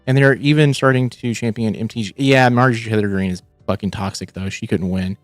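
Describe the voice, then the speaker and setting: A man's voice: lowish voice, fairly even intonation, fairly quick, no echo, faint music behind. A man hosting a livestream, giving casual, rambling reaction commentary with lots of swearing and restarts. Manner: rambling, profane, restarts often. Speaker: livestream host.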